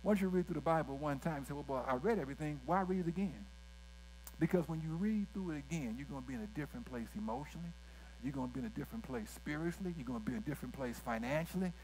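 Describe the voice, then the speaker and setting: A man's voice: mid-range voice, very fast, a little mellow, a little hiss or hum, rough recording. A male pastor, preaching a sermon with folksy asides and direct questions to the congregation.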